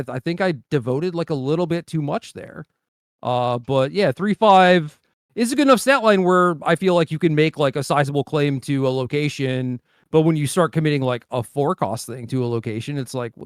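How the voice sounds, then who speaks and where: Man, podcast co-host, slightly high voice, dry mic, casual chat. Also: normal speed, smooth, no echo. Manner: laid-back, filler-heavy, loose storytelling. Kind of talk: casual card game chat.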